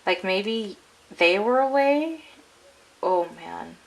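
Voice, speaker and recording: A woman's voice: mid-range voice, lively intonation, takes it slowly, vocal fry, rough recording. A woman giving a casual, rambling tarot reading to her viewers, full of "like" and "I'm getting.". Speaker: tarot card reader.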